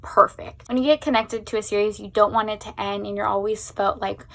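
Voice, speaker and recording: A woman's voice: medium pitch, fairly even intonation, quick pace, gravelly. A young woman chatting casually at home as a book vlogger, gushing and emotional, with lots of fillers. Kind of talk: casual chat.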